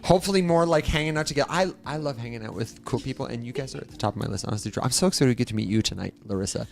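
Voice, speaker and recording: A man's voice: medium pitch, vocal fry. A man co-hosting a podcast, chatting casually with guests and acting out little exchanges as he tells stories. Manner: fast, animated storyteller acting out dialogue. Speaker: podcast co-host.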